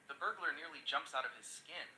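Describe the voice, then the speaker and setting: A man's voice: on the high side, a little fast, sharp tone, reverberant, slight background noise, low-quality recording. A male synthetic voice telling jokes in an upbeat, chatty storytelling manner. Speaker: AI joke teller. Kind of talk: scripted joke narration.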